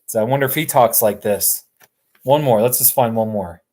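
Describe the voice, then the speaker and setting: A man hosting a live stream from his couch, chatting casually in a relaxed, rambling way and chuckling often. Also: medium pitch, moderate pace. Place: sitting on a couch at home.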